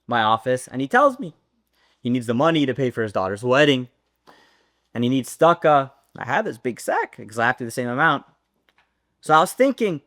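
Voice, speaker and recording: A man teaching a Torah class, telling a story with lively acted-out dialogue. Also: on the high side. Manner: animated storyteller, acts out dialogue.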